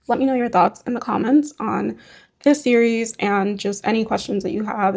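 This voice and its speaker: Young woman, casual vlogger, gentle, reassuring, rambling, gravelly fry. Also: mid-range voice. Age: young adult. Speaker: beauty and hygiene vlogger. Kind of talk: casual talk to camera while doing hygiene.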